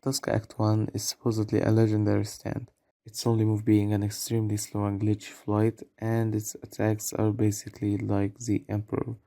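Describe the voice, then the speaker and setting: A man's voice: on the low side, completely flat delivery, moderate pace, vocal fry, mellow, no room sound. A man giving game tier-list commentary in a casual, self-deprecating way, with apologetic asides. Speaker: gaming video creator.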